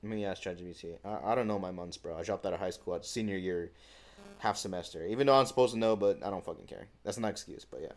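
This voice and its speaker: An eighteen-year-old man venting casually to the camera in a slangy, swearing monologue, calling everyone bro and acting out what other people said. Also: deep voice. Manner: casual slangy talk, says bro a lot, swears freely; acts out other people's lines in quick quoted voices. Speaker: vlogger.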